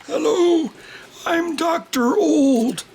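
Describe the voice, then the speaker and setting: A man voicing a pompous old television doctor in a loud, squeaky, mock-dramatic voice. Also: very slow, vocal fry, full character voice. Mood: mock-grave.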